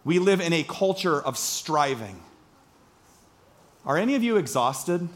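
A man's voice: a little high, very animated, a little slow. A man in his thirties from Iowa preaching a sermon, earnest and storytelling, asking the congregation questions. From Iowa, United States. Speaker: pastor.

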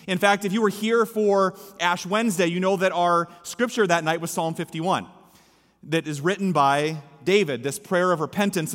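Preaching in a church sanctuary, this male pastor has a fairly high, fairly bright voice. He stresses and repeats his key lines, and his sermon echoes through the hall with long reverb.

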